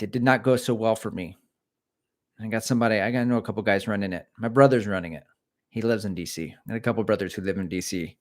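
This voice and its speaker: A middle-aged man hosting a casual livestream, reading out viewer comments and chatting in a rambling, self-deprecating way. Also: on the low side.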